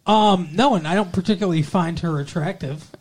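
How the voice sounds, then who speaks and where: A man's voice: sits high, a little fast, darkish tone. A man hosting a podcast, chatting casually and playfully with his co-host and joking around. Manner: jokey, playful, repeats intros in a mock radio-DJ voice.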